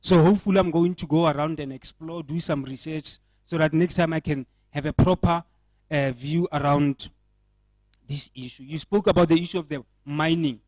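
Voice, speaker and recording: South African male panelist, earnest and questioning, slightly high pitch, dry. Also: steady tone, moderate pace, a little mellow, no room sound, rough recording. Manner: earnest, repetitive restarts, rhetorical questions. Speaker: panel speaker. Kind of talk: panel discussion remarks. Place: indoor event.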